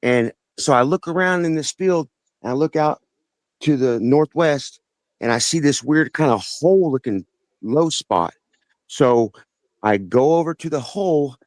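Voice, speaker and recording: A man phones in to a talk show and tells a long personal story, earnest and rambling, restarting often. His voice sits in the mid-range, and the recording is dry.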